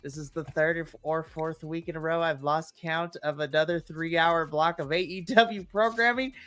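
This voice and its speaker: A man's voice: on the high side, fairly even intonation, moderate pace, a bit bright, clear, resonant tone, no echo. A young adult man co-hosting a late-night wrestling podcast with playful, theatrical chatter. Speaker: podcast co-host.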